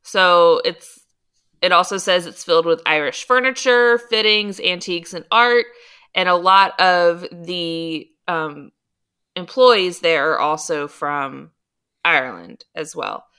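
A woman co-hosting a casual podcast, talking things through patiently and often pausing on filler sounds. Her voice sits a little low yet sounds bright and crisp, with a smooth, clean tone. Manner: patient, explanatory, frequent um fillers. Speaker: podcast co-host. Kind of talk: casual chat.

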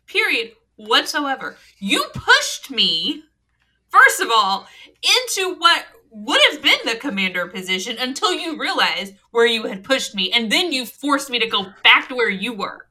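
A woman co-hosting a casual podcast, emphatic and quick to correct her co-host. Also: on the high side, very animated, pushed and bright.

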